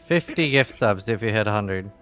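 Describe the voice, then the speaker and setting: A man hosting a stream, reading out viewer questions in a relaxed, upbeat way. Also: on the low side, normal speed, soft background music. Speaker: host.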